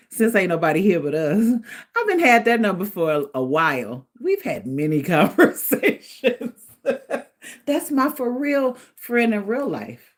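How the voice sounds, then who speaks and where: Animated, lively-pitched woman chatting live. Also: moderate pace. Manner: animated, chatty, laughs often. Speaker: livestream host. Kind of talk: casual livestream chat.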